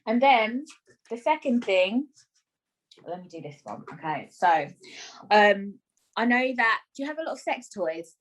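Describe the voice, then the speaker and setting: A woman's voice: medium pitch, big pitch swings, a little slow, long pauses. A woman hosting a casual podcast chat, friendly and talkative. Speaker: podcast host. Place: home bedroom studio.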